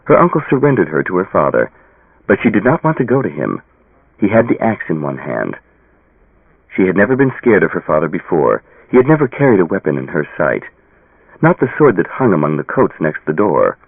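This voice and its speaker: A man narrating an audiobook with a dramatic, expressive reading. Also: low voice, a little fast, vocal fry, husky, no room sound. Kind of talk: scripted narration. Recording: tinny phone-like audio.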